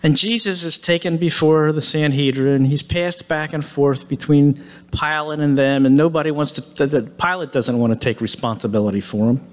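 A man's voice: a little high, normal speed. A man preaching, retelling a story dramatically and acting out the quoted lines. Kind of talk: sermon storytelling. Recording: long hall reverb.

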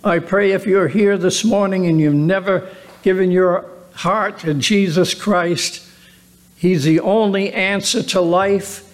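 A man's voice: high voice, fairly even intonation. A man pastor giving an earnest sermon with rhetorical questions. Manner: earnest, slow, drawn-out preaching with rhetorical questions.

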